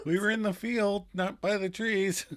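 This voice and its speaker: A man's voice: sits high, flat delivery, moderate pace. A man co-hosting a podcast, recapping an episode in casual, jokey chat and laughing often. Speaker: podcast co-host.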